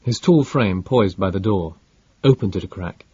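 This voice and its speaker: A man reading an audiobook in a measured, dramatic narration. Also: low-pitched, expressive, a little mellow, slightly rough, no room sound, lo-fi sound.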